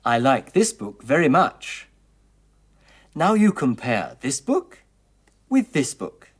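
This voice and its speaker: A man teaching English in a scripted 1980s television lesson, speaking clearly and deliberately through word drills. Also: mid-range voice, big pitch swings. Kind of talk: slow, scripted language lesson. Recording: 1980s educational television recording.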